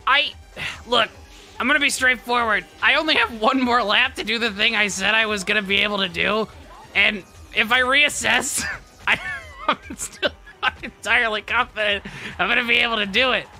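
A woman's voice: on the high side, moderate pace, bright, forceful tone, faint music behind. A woman voicing a cocky, touchy young male hawk racer in comedic, profane banter during a game playthrough. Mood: whiny, defensive. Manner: defensive, rambling, profane banter. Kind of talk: comedic let's play voice.

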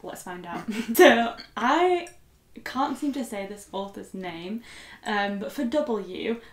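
A young woman co-hosts a book readalong channel, chatting casually with plenty of fillers and giggles. Her voice is a little high with lively intonation, she speaks slowly, and the sound is roomy.

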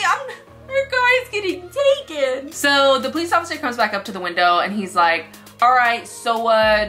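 A young woman recounts a story for her vlog in an animated way, acting out the other people's lines. Her voice sits a little high and sounds bright, with faint music underneath. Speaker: vlogger.

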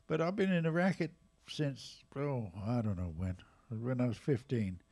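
A man in his eighties with an English accent, casually telling jazz stories at a live museum event, lively and animated in his retelling. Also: medium pitch, moderate pace. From England. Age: 80s. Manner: lively, animated retelling with raised voices for quotes. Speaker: jazz drummer and storyteller guest. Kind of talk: casual anecdotal storytelling.

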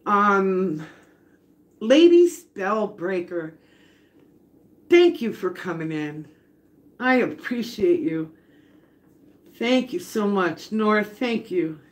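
A woman's voice: mid-range voice, sing-song, slow pace, pauses often. A middle-aged woman, chatting casually on a home livestream while baking and reading viewer comments aloud. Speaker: livestream host.

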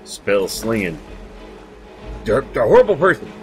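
Video game music runs underneath as a man with a very animated mid-range voice speaks at a measured pace. He's a let's play host offering chatty, casual commentary, cursing freely while talking to his companions in the game.

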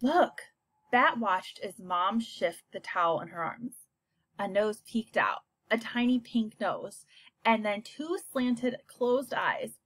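A woman narrating a children's novel with an expressive, even-paced reading. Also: medium pitch, slow pace, no echo. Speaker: audiobook narrator. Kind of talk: scripted storybook narration.

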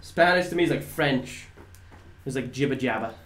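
A man's voice: mid-range voice, moderate pace, fairly bright tone. A man from the Netherlands, a native Dutch speaker, commenting casually on live gameplay, bantering with chat and swearing now and then. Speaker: game streamer. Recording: roomy echo, faint background noise.

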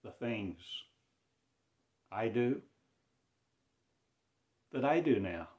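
A man, a spiritual teacher, delivering a free-form spiritual declamation in halting, incantatory fragments. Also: medium pitch, lively intonation, lo-fi sound.

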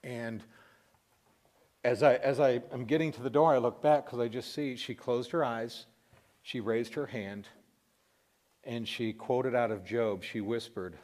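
Middle-aged man, heartfelt testimony, voice cracking with emotion, halting delivery. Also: mid-range voice, fairly even intonation, a little mellow. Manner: emotional, voice breaking, pausing and restarting. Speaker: Christian radio host telling a personal story.

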